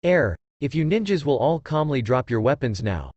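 A man's voice: mid-range voice, big pitch swings, moderate pace, a little mellow, no room sound, dull audio. A man reading as a laid-back, aloof ninja teacher.

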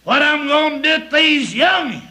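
A man voicing a country wife, calling out in a high, pleading whine. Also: lively intonation, moderate pace, pushed and bright, full character voice.

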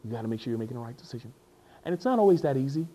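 A man giving a pastor's sermon speaks very fast at a medium pitch. His style is animated and jokey, with frequent stops where he repeats and restarts his words.

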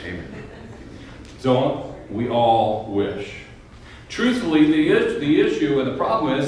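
A man preaching a sermon as a pastor, telling a joke story with a dry, wry humor and halting, repeated starts. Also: medium pitch, a little hiss or hum. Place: church sanctuary. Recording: echoey church room from a distant mic with faint ambience.

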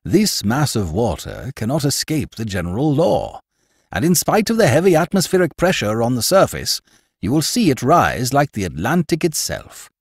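A man's voice: medium pitch, sing-song, normal speed, husky, no room sound, clean studio sound, pitched above the performer's own voice. A man voicing a self-assured older professor who explains matters to his nephew. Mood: confident. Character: confident older male professor, lecturing uncle.

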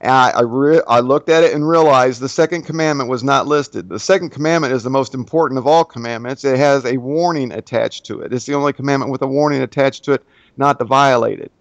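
A man who is a guest on a podcast, explaining his points in a steady, insistent way. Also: mid-range voice, quick pace, dry recording. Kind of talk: casual conversation. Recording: dry, dull lo-fi sound.

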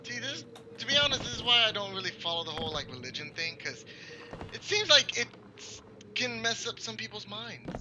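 A man's voice: high voice, very animated, brisk, background noise. A man giving casual, profane commentary while playing a horror game, joking and reacting aloud. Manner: profane, swearing often. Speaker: gaming YouTuber. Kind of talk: casual Let's Play commentary.

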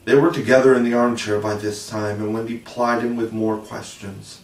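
A man narrating a classic children's novel as an audiobook, measured and gently expressive. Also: fairly low pitch, distant mic. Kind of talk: audiobook reading. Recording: roomy echo, voice set back from the mic.

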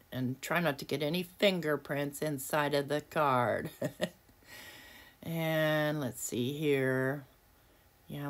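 A woman hosting a casual crafting tutorial at her home desk, chatty and self-deprecating, often laughing at herself. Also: sits low. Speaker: craft video host.

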